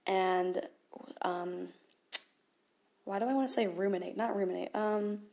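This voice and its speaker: Young woman host, mid-pitched, earnest and chatty, reads scripture then unpacks it casually. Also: steady tone, a little slow, vocal fry, a little mellow. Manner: earnest and chatty, with fillers and small laughs. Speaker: podcast host. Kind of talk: casual devotional talk with scripture reading.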